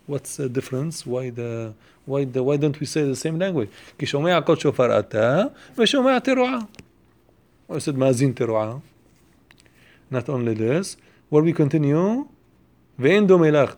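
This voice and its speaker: A man teaching a Torah lesson, asking questions and answering them step by step, repeating phrases and quoting Hebrew passages quickly. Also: on the high side, darkish tone.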